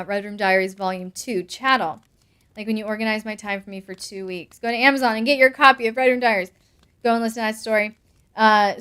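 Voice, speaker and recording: A woman's voice: a little high, fairly bright tone, clean tone. A young adult woman hosting a live stream, reading viewer comments aloud with bubbly asides and frequent laughs. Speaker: host answering patron questions.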